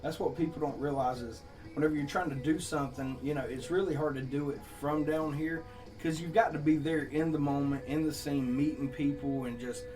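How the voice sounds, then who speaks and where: A songwriter from Southeast Georgia with a Southern accent, telling rambling, laughing, profane stories in a casual chat. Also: male voice, fairly high pitch, fairly even intonation, fairly quick, a little mellow, soft background music. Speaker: songwriter guest.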